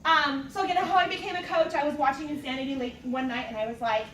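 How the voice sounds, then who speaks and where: A woman's voice: high-pitched, fairly even intonation, fast talker, a bit bright. A woman in her thirties giving an enthusiastic, casual talk as a fitness coach to a live group, laughing often. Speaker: fitness coach speaking at a team meeting. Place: meeting room with an audience. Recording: echoey room, distant mic, noisy.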